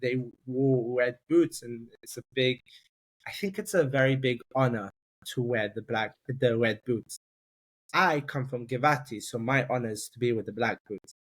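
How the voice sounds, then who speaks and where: Husky-voiced man telling his story. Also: medium pitch. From London. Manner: rapid, halting, repeats himself, rises sharply when emphatic. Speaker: interview guest, army reservist. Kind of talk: emotional personal storytelling.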